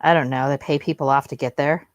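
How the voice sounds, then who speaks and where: A woman's voice: rumbling low, steady tone, fast, no room sound. A woman in a casual chat who teases and speaks dryly.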